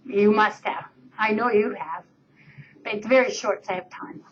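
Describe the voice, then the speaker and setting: A woman teacher telling a fairy tale to her class in a lively storytelling manner, on a dull webcam recording. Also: medium pitch, moderate pace, slight background noise. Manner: lively storyteller, voices for effect.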